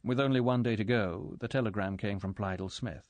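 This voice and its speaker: A man reading an audiobook in measured, even scripted narration. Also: on the low side, no room sound.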